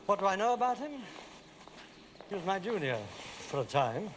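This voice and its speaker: An older actor playing a clipped, drily ironic senior barrister, in a film drama. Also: male voice, sits high, sing-song, moderate pace, a little hiss or hum. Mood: wry. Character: dry, worldly old English barrister.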